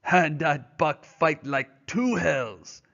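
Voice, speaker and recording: A man's voice: on the high side, lively intonation, gravelly, a bit bright, voice pushed up, full character voice. A man voicing a boisterous French-Canadian dog driver who speaks with a heavy, emphatic accent. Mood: pleased. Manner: hearty, emphatic, drawn-out accented speech. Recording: dull lo-fi recording.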